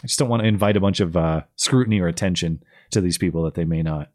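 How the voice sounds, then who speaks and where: Male call-in host, low voice, dry close sound, loose chatty delivery full of ums. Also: fast talker, darkish tone, no room sound. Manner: rambling with fillers and restarts. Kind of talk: casual chat.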